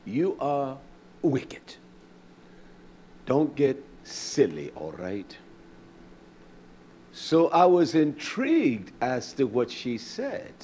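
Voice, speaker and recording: A man preaching a sermon, slow and emphatic, with frequent pauses on "uh". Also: mid-range voice, mellow, slight background noise.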